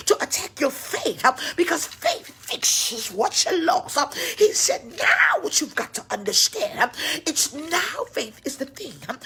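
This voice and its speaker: A woman pastor crying as she preaches an impassioned sermon, swinging between whispers and cries, with breathy asides. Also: high-pitched, sharp tone. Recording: faint background noise, livestream.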